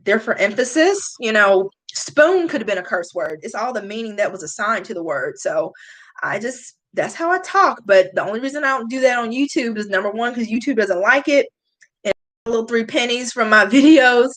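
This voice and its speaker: A young woman hosting a long livestream, chatting casually and answering viewer comments with candid, animated reactions. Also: a little fast, low-quality recording. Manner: chatty and candid, swings up high when greeting viewers. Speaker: beauty vlogger hosting a livestream.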